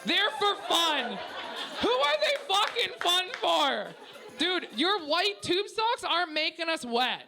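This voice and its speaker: Brash, bright-voiced woman doing stand-up. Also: extremely high pitch, big pitch swings, slow, gravelly, faint music behind, some chatter behind. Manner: crude, brash, laughing at her own jokes. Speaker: stand-up comedian. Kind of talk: stand-up set. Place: small comedy venue with live audience.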